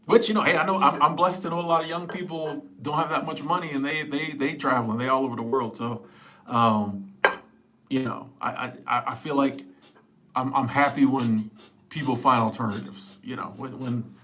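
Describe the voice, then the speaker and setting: A relaxed middle-aged man chats through a livestream at a mid pitch. He sounds easygoing and laughs often, tripping over repeated words as he reacts to comments. Faint background noise sits under his clip-on mic. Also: normal speed. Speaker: livestream host. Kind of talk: casual livestream chat reading viewer comments. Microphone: small clip-on wireless mic.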